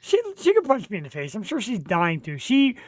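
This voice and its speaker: A man's voice: sits high, wildly swooping pitch, fairly quick, crowd noise. A man hosting a live show from his home studio, chatting casually in a brash, profane way. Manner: brash, profane, hypes the audience. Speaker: show host.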